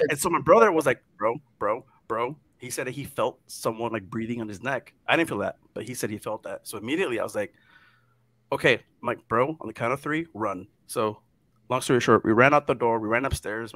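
Male guest, casual storyteller, lively then hushed, dry mic sound. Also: mid-range voice, fast talker, dry recording. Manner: animated, drops to hushed tones at scary parts. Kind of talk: casual chat, telling a ghost story.

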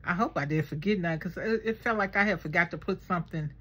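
A woman vlogger chatting casually through a gift unboxing, gushing and excitable. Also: fairly low pitch, quick pace, slightly rough. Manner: gushing, excitable, talks to viewers as girl and y'all. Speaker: craft vlogger unboxing swap gifts.

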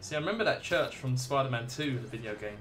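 A man's voice: mid-range voice, animated, quick pace, a bit bright, soft background music. A man livestreaming a video game, reacting with swearing and laughter while chatting casually with viewers. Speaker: gaming livestreamer. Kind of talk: casual let's play commentary.

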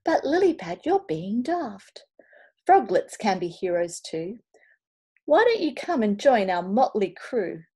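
A woman's voice: mid-range voice, big pitch swings, measured pace, dark tone, husky. Woman reading as a bold cheerful princess.

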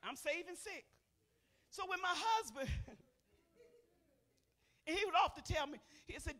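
Preaching a testimony sermon in a church sanctuary, this older woman pastor speaks folksily and calls out to the people. Her very high, animated voice keeps a measured pace with long pauses, swinging from loud emphatic bursts to soft murmurs.

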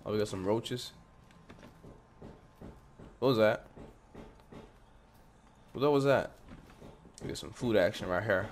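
A man's voice: on the low side, slow pace, pauses often, slight background noise. A man giving loose, profane commentary as he plays a horror game, jumping at scares and talking back to what he sees on screen. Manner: profane, jumpy reactions, talks back to the game. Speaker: gameplay commentator. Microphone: headphones on, desk mic.

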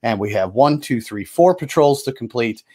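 A man talks through board game rules in a relaxed, chatty way, mid-pitched, often stopping to correct himself. He wanders between the rules and small talk. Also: moderate pace. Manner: chatty and loose, lots of fillers and self-corrections. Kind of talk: casual rules walkthrough.

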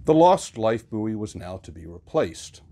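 A man reading a classic novel aloud with an expressive, varied delivery. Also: on the low side, a little slow. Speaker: reader.

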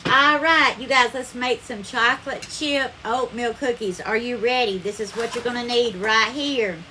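A bright, forceful woman's voice, a little high and at a moderate pace, carries a live cooking stream with slight noise behind it. With a Southern accent, she chats warmly and effusively during the demo, calling viewers darling while thanking them by name.

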